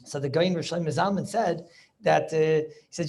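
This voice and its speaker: A man's voice: fairly high pitch, fairly quick, gravelly, a little mellow, a little hiss or hum. A man, a rabbi, teaching an informal class over a video call, chatty and sprinkling in study-hall terms. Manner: chatty, mixes in Yiddish and Hebrew study terms.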